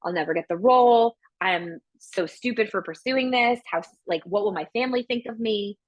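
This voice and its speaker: A woman's voice: mid-range voice, moderate pace, no room sound, dull audio. A woman co-hosting a podcast in casual chat, talking in a chatty, self-reflective way and laughing easily. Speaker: podcast co-host.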